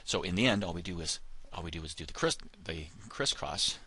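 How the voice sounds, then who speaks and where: A man's voice: low voice, lively intonation, fairly quick, sharp tone, husky, no room sound. A man teaching a chemistry lesson, explaining step by step with frequent fillers like "of course" and "all right.". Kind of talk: recorded classroom lesson.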